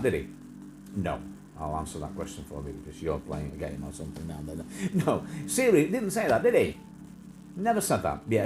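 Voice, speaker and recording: A man's voice: lowish voice, noisy background. A man hosting a live stream, rambling in a jokey, casual way with frequent laughs and restarts. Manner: chatty, jokey, laughs often, many restarts.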